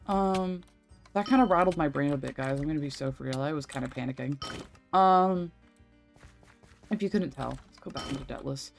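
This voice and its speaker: A woman's voice: low-pitched, normal speed, creaky, pauses often. A young adult woman streaming a game, chatting casually in a rambling, filler-heavy way and swearing freely. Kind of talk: casual gaming stream chat. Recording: faint game music behind. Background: faint game music.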